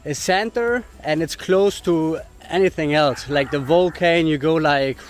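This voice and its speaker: A man whose first language is German chats casually as a travel vlogger on an outdoor hiking trail, breathless from the climb and often laughing. His voice is a little high and measured in pace, with faint music behind.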